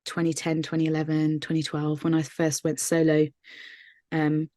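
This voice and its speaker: Woman singer-songwriter, low flat delivery, thoughtful and earnest, dry recording. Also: normal speed, no echo. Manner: earnest, thoughtful, many fillers and restarts. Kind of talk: casual interview answers.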